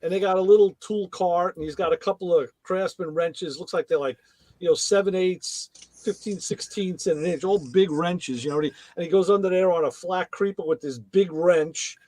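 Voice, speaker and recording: A man's voice: sits high, normal speed, a little mellow, no echo. A man chatting casually on a podcast, retelling TV episodes and acting out the characters' lines in raised voices. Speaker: podcast co-host.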